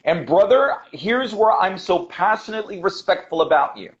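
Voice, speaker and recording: Emphatic American man, high voice. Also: animated, moderate pace. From United States. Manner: emphatic, repeats key points, calls the host brother. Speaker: English teacher, guest. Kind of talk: passionate interview talk. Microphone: video call. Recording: dull lo-fi video call audio.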